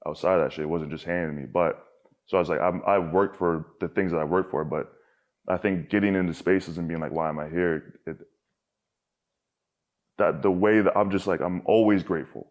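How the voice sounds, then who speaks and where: A man's voice: low voice, fairly even intonation, brisk, lo-fi sound. A young man talking candidly as a podcast guest, rambling with lots of filler words and casual swearing.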